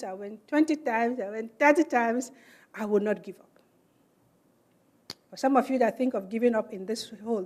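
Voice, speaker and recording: A middle-aged Nigerian woman giving a speech in a large hall, telling her life story earnestly and acting out the people in it. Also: on the high side. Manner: earnest, animated storytelling with quoted dialogue. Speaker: keynote speaker.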